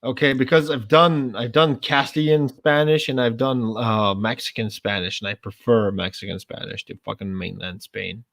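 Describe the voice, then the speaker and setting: A man's voice: mid-range voice, steady tone, normal speed, vocal fry, hardly any pauses, fairly bright tone. A man in a loose, tipsy chat on a live stream. He jokes and swears his way through the talk with easy, crude banter. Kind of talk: casual chat.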